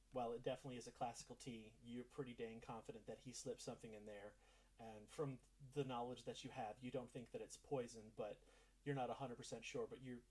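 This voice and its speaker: A man runs a tabletop game as its game master, describing scenes in a loose, casual way. His voice is slightly husky and sits at an ordinary pitch. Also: darkish tone, poor audio. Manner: casual, descriptive narration with fillers.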